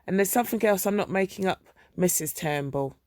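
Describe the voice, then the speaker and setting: A woman reading a dramatic monologue as a resentful middle-aged son, narrating in a wry, deadpan way. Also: fairly low pitch, brisk, dry recording, studio quality, lightly acted.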